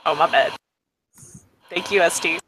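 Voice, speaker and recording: A man with a high, bright voice chats through a tabletop role-playing session. He slips in and out of character and talks in a dramatic, exasperated way. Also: a little slow, a little hiss or hum, low-quality recording. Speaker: tabletop game player. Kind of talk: in-character role-play chat.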